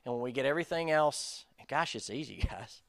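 A man's voice: mid-range voice, expressive, fairly quick, gravelly, a bit bright, dry recording. A man preaching in a casual, conversational style, self-deprecating and speaking straight to the listeners. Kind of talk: conversational sermon.

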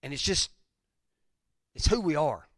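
A man preaching a conversational sermon, telling stories, then rising loud and dropping to near whispers. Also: fairly high pitch, very animated, a little slow, no echo, clean studio sound. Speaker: pastor.

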